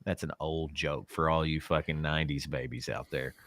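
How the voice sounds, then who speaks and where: A man's voice: very deep voice, fairly even intonation, moderate pace, fairly bright tone. A middle-aged man co-hosting a podcast, talking in a rambling, profane way with many stammered restarts. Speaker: podcast co-host. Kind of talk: casual political chat.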